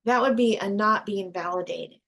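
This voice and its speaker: A woman's voice: medium pitch, moderate pace, creaky, fairly bright tone. A woman hosting a casual group discussion, talking earnestly and emphatically with frequent restarts. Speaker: discussion host.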